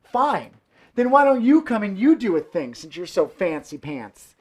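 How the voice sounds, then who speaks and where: A man's voice: high voice, sing-song, moderate pace, slightly rough. A man performing fire tricks from home for a live stream, joking and hyping up the audience. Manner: playful, joking, hyped-up showman. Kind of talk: live-streamed show banter. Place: home room indoors.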